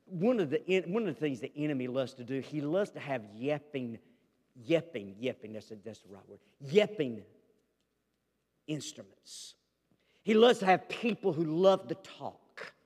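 A man preaching a sermon as pastor, telling a story with dramatic swings between loud declarations and hushed asides. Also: sits high, long reverb tail.

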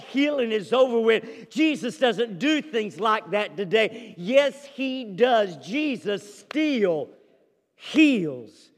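Male pastor, fairly high voice, slow scripture reading, growing fervor, church reverb. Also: fairly bright tone. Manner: reads scripture slowly, then preaches with rising fervor. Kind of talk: sermon.

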